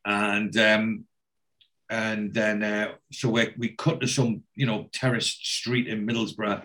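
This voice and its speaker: A man's voice: on the low side, little pitch movement, takes it slowly, fairly bright tone. A man casually retelling a TV episode in a chatty, profane way, acting out the characters. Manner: chatty, profane, does voices.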